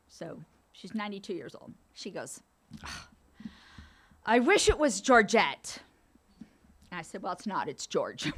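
A woman in her fifties telling candid personal stories as a speaker at a recovery meeting, laughing often. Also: lowish voice. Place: meeting room.

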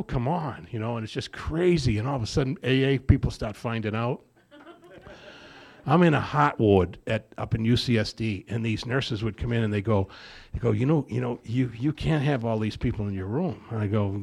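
A man's voice: medium pitch, moderate pace, gravelly, darkish tone, breathy edge. An older man telling a long personal story at a recovery meeting, acting out the dialogue and repeating phrases for effect. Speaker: AA speaker. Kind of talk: speaker share at a recovery meeting.

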